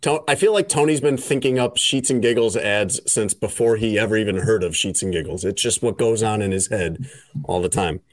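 Low-voiced easygoing man, dry close sound. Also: a little fast, no room sound. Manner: easygoing, teasing. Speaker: podcast host. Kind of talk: casual chat with ad read.

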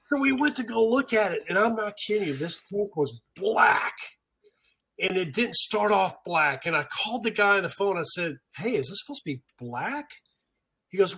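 A man's voice: high-pitched, normal speed, breathy edge. An older man, a guest on a podcast, telling stories in casual chat and acting out the people he quotes. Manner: animated storyteller, acts out quotes. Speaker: podcast guest, pro turf manager.

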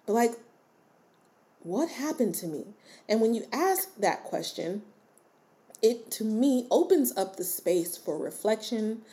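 A woman's voice: on the high side, big pitch swings, unhurried, warm tone. A woman hosting a self-help podcast in a candid, casual way, talking straight to the listener and often checking in with her. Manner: candid and conversational, with frequent "like" and short laughs. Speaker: podcast host.

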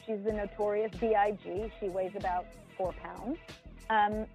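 A woman guest in a casual interview, speaking in measured, formal phrases with frequent ums. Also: mid-range voice, steady tone, darkish tone, soft background music, rough recording. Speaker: interview guest, former football executive.

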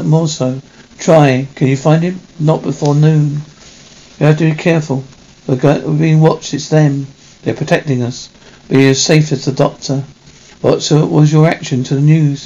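A man reading a film script aloud in a halting way, correcting himself as he goes. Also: a little high, creaky, mellow, dull audio, a little hiss or hum. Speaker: reader.

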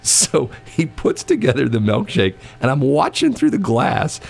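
A man's voice: mid-range voice, a little slow, gravelly, slightly rough. A man telling a story in casual chat, acting out the people in it and laughing often. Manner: animated, acts out quoted voices, laughs often.

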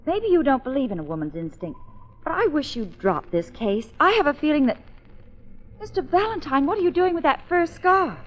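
An actress playing a sassy, insistent young secretary in a 1940s radio drama. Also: female voice, high-pitched, very animated, moderate pace. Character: sharp-tongued young female secretary. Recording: lo-fi old radio, light noise.

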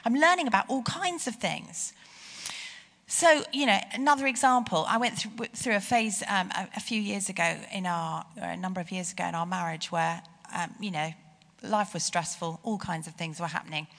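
A woman's voice: medium pitch, normal speed. Woman preaching in an echoing hall. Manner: animated, rising emphasis on key phrases. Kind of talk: sermon with personal stories. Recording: long hall reverb.

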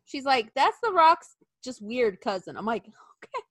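A woman co-hosting a casual chat, telling stories quickly with swearing and impressions. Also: sits high, dry recording. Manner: animated, quick, profane storytelling with impressions. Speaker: podcast co-host.

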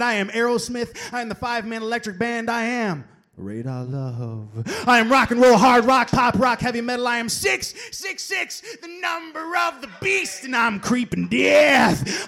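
Slam poet: man, high voice, rhythmic chant that erupts into shouts. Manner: rhythmic, builds to shouted bursts. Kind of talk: performance poetry.

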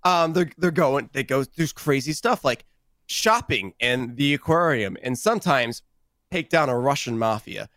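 A young man chatting casually on a podcast, rambling and excitable as he pitches a show. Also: a little slow, no echo. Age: young adult. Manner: rambling, excitable storytelling with laughs. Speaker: podcast co-host. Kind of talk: casual chat.

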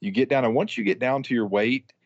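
Fast-talking low-voiced man, dry lo-fi sound. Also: no room sound. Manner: quick, matter-of-fact advice-giving. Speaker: podcast co-host. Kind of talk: casual sports podcast chat. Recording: dry, dull lo-fi audio.

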